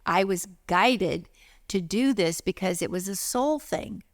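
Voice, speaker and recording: A middle-aged woman, a spiritual teacher, tells a personal story in a lively way and acts out the voices of other people. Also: mid-range voice, measured pace, no echo, studio quality.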